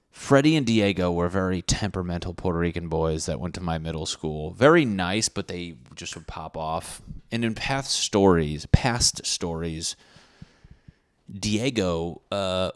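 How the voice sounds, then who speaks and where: A young man hosting a podcast, telling a profane, rambling, self-mocking story in a casual monologue. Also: low-pitched. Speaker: podcast host.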